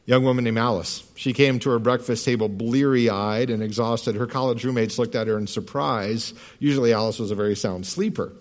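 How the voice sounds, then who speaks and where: Man, pastor, sermon storytelling, calm, measured, mid pitch.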